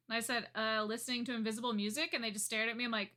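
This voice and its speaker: A woman co-hosting a podcast, telling stories in casual chat with an animated manner and frequent laughter. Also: fairly high pitch, fast, few pauses. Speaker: podcast co-host.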